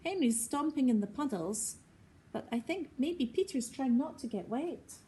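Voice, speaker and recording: A woman teacher reading a children's story aloud, pausing gently to ask the listening kids questions. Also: sits high, lively intonation, slight background noise.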